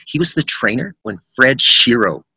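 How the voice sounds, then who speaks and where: A middle-aged man, a rock singer, telling animated stories in a casual podcast interview, acting out the voices of people in his anecdotes and laughing often. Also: medium pitch, moderate pace, creaky, breathy edge, no room sound.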